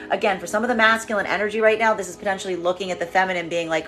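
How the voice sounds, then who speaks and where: A woman's voice: mid-range voice, very fast, few pauses, bright, forceful tone, soft background music. A woman giving a collective tarot reading, emphatic and prone to repeating phrases as she acts out what the energies are saying. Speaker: tarot reader.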